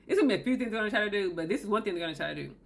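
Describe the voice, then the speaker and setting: This woman delivers direct-to-camera advice in a self-help video at a very fast clip, her medium-pitched voice creaky but lively in intonation. She hammers home key phrases through repetition and performs the voices of people she quotes.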